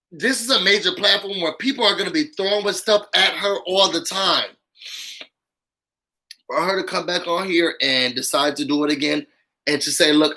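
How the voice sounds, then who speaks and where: A man with a voice on the high side hosts a casual YouTube live-stream with call-ins, speaking animatedly and directly to viewers. His talk is thick with "y'all" and "um," and the recording is rough.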